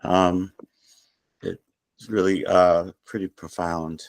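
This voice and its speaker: A man's voice: low voice, fairly even intonation, slow, no room sound. A man asking a question on a group video call, hesitant and full of fillers.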